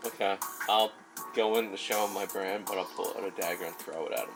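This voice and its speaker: A man's voice: low voice, fairly even intonation, fast, creaky, loud music behind the voice. A man playing a tabletop game, casually describing his character's actions. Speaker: player.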